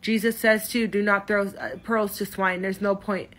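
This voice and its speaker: A woman's voice: mid-range voice, fairly even intonation, moderate pace, fairly bright tone. A woman in her thirties venting on a phone livestream, emotional, hurt and defensive, with many restarts. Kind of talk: upset livestream rant. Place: in her car.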